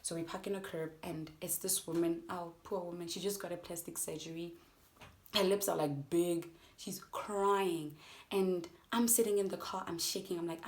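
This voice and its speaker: A young woman from South Africa telling a storytime vlog, animated and talking straight to her viewers. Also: on the low side, brisk. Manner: animated, addresses viewers as guys. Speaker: vlogger.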